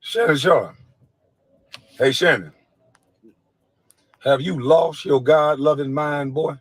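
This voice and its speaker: A man's voice: a little high, slow, husky, no room sound, low-quality recording. A former basketball player in a heated, scornful rant, taunting the man he is addressing. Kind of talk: angry rant.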